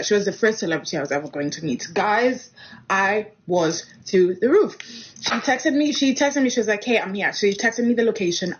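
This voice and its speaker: A young woman from Kenya tells a personal story in a casual way. She is animated and acts out the dialogue. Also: medium pitch. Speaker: guest telling a personal story. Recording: dull lo-fi recording.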